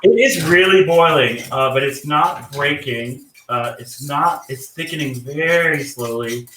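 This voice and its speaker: Cooking as a guest, this Southern US man keeps up a rambling, casual chat full of fillers and restarts. He speaks at a measured pace in a slightly high, somewhat bright voice. The room is echoey, he's far from the mic, and there's faint background noise.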